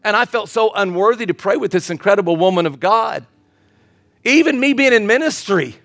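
A middle-aged man, a pastor, preaching with humor, swinging between loud outbursts and quiet moments. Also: high voice, animated, a little fast, dry recording, faint music behind. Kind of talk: sermon.

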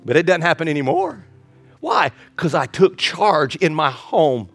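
High-voiced man preaching a sermon. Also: very animated, a little slow, faint music behind. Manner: preaching with humor and dramatic swings from loud to soft. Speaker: pastor.

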